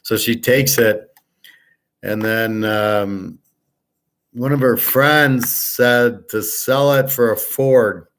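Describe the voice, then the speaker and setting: A man's voice: medium pitch, fairly even intonation, drawn-out words, a bit bright. A man from the United States hosting a live sports betting show, chatting casually with viewers in a blunt, rambling way and swearing freely. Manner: opinionated, tells long anecdotes. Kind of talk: casual live-stream chat, reading viewer comments.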